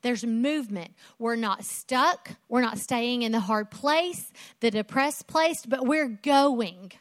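A woman's voice: fairly high pitch, takes it slowly, no room sound. A woman preaching a sermon in an emphatic way, asking rhetorical questions and repeating phrases for effect.

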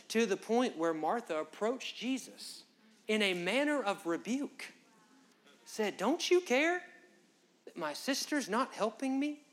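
A preacher giving an impassioned, conversational sermon at a church service, talking straight to the congregation in folksy, direct phrasing. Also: medium pitch.

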